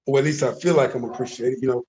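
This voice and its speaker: A man from the United States with a deep voice, talking casually and emphatically to his viewers, often repeating words and asking if they understand. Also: fairly even intonation, fast talker, dark tone. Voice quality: deep, bassy voice. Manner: emphatic, repeats words, stops for "you understand what I'm saying". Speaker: vlogger.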